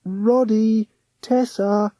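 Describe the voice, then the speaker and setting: Man voicing young boy ghost, working-class, earnest, high voice, storybook. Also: expressive, moderate pace, warm tone, no room sound. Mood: calling. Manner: earnest, colloquial, rough working-class speech.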